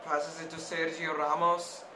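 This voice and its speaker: A man commentating his own football management game, talking casually, nervous and excitable, swinging between mutters and shouts. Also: a little high, a little slow, roomy sound, background noise. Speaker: gaming YouTuber. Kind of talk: Let's Play commentary.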